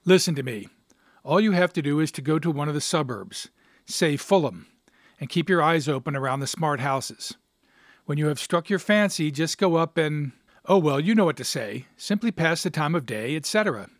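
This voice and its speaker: A man's voice: fairly high pitch, expressive, moderate pace, dry recording, clean studio sound. A man voicing a cheery married friend with a hearty, jovial way of giving advice. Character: cheery married man, breezy confident pal.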